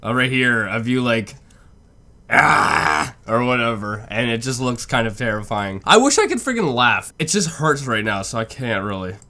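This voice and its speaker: Young man, casual video reaction, rambling musings, bright voice, lively pitch. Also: normal speed, hardly any pauses. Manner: rambling, musing, thinks aloud with fillers.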